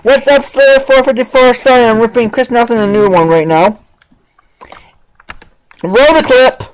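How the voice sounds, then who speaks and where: A woman with a high voice hosts an online talk show and mocks a rival. Her commentary is sarcastic and full of exclamations. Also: normal speed, low-quality recording. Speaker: podcast host. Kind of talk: ranting commentary on a played clip.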